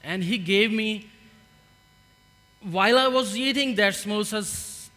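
A man with a Pakistani accent gives a halting church testimony, unhurried and full of pauses. His voice sits high and bright. The sound carries a long hall reverb over a low mains hum. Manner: earnest, halting, with many fillers. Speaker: refugee giving testimony in church.

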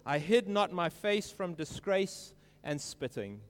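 A man preaching an earnest sermon, stressing quoted lines slowly and emphatically. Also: sits high, sing-song, clear, resonant tone, in a large hall.

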